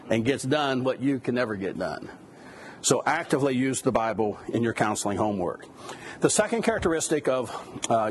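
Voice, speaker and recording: Male lecturer, plain mid voice, casual teaching tone with rhetorical questions, faint hiss behind. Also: mid-range voice. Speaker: biblical counseling instructor. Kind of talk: classroom lecture.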